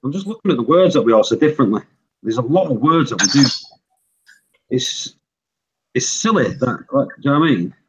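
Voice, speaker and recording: Husky brit guy in a casual chat, muffled lo-fi sound, reads off word lists. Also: mid-range voice, big pitch swings, fairly quick, long pauses. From Britain. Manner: reads out lists of word pairs, laughs often.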